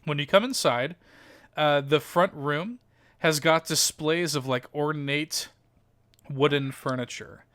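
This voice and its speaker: Slow-paced male game master, bright and crisp voice, dry close sound. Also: fairly high pitch, dry recording. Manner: descriptive, halting with fillers. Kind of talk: narrating a tabletop game.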